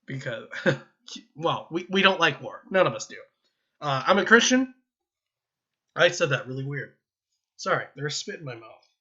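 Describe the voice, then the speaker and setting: A man's voice: mid-range voice, animated, moderate pace, long pauses, bright, forceful tone, husky, dull audio. A young American man giving casual, rambling political opinions over gameplay, often chuckling and correcting himself. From United States. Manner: rambling, self-interrupting, with chuckles. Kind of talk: casual rambling commentary while gaming.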